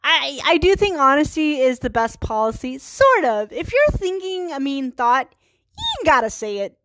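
A woman's voice: high-pitched, sing-song, moderate pace, fairly bright tone, no echo. A woman in her thirties hosting a solo podcast, talking in a chatty, earnest way and laughing at herself. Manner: chatty, giggly, self-deprecating, earnest. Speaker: podcast host. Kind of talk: casual solo podcast monologue.

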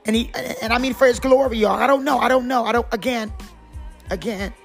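A woman from North Carolina talks about her faith on her podcast, long-winded and rambling. She is in her forties and keeps circling back with "you know what I'm saying." Soft music plays quietly underneath. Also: fairly high pitch, brisk, creaky. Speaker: podcast host. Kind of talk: casual faith talk.

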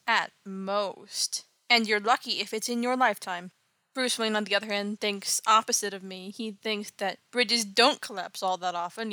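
A woman host walks through an old comic book in a casual, wry way, adding sarcastic commentary as she goes. Her voice is bright and crisp, recorded close and dry with no room sound. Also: medium pitch, no room sound. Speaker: podcast host.

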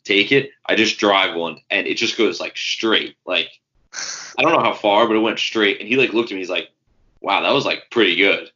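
This podcast co-host rambles through stories on a casual sports show, swearing and using fillers. He speaks on the low side at a normal speed with a sharp tone, captured in dull lo-fi audio.

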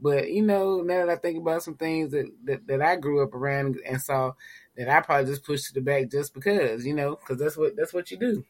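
A man's voice: a little high, brisk. A man, co-hosting a podcast in a loose, rambling way, full of "you know". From Tennessee. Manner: laid-back, rambling storyteller with frequent "you know". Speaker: podcast co-host. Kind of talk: casual chat.

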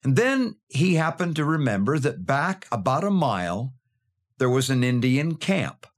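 A male storyteller narrates at an unhurried pace, letting his pitch swing widely to shape each moment. His delivery is measured and expressive, like a host reading a scripted tale to his listeners.

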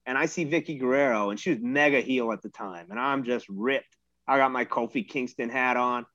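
A man's voice: mid-range voice, fairly quick, a bit bright, no echo. A man in his thirties telling a rambling, self-mocking story in casual chat and swearing freely. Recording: dull lo-fi dry recording.

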